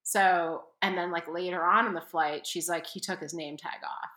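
A woman co-hosting a podcast, telling a story in a casual, animated way and acting out the people in it. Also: fairly low pitch, moderate pace, roomy sound. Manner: animated, quotes people with exaggerated voices. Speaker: podcast co-host.

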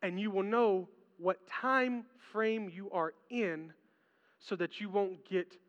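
High, bright-voiced male pastor preaching. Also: slow. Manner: animated storytelling, swings from hushed to excited. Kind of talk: sermon. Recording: reverberant hall, dull lo-fi sound.

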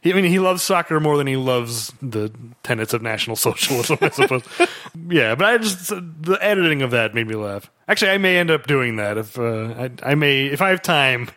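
A man's voice: mid-range voice, lively intonation, fairly quick, pushed and bright. A man co-hosting a casual podcast about movies. He chats, laughs often and quotes characters in put-on voices. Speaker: podcast co-host.

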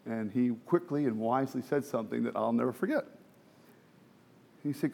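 A middle-aged man preaching a sermon from the pulpit, chatty and self-deprecating, moving between quiet asides and emphatic exhortation. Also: mid-range voice, normal speed, gravelly, long pauses. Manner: conversational with self-deprecating humor, many restarts and fillers. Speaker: pastor.

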